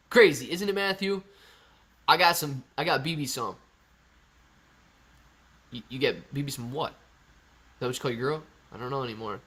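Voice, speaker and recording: A man's voice: medium pitch, sing-song, normal speed, pauses often, a bit bright, breathy edge. A young man hosting a live stream, reading viewer comments aloud and answering in a chatty, laid-back way. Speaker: livestream host reading chat. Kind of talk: casual live stream chat.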